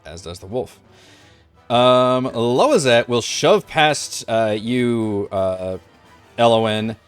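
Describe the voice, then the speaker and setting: A man's voice: medium pitch, expressive, slow, clean tone, faint music behind. A man running an online tabletop game as game master, talking casually and thinking aloud with many fillers.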